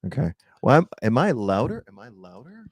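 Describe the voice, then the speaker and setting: A man with a New York accent, co-hosting a casual film podcast and talking loudly, with lots of swearing. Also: medium pitch, a little fast, slightly rough, no room sound. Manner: loud, animated, swearing freely. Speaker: podcast co-host. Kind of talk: casual chat.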